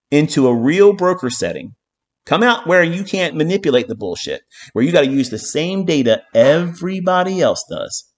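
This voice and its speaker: Dude ranting about trading on his stream, swearing nonstop, repeats himself, keeps going "okay?". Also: fairly high pitch. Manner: heated, profanity-laden ranting with repeated phrases; emphatic, hammering points with "okay?". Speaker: trading educator and live streamer. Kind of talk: profane live-stream trading lecture.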